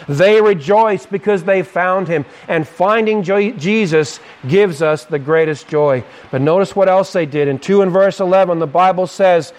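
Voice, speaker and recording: A man preaching a sermon in a church, speaking with an emphatic, repetitive cadence. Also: high voice.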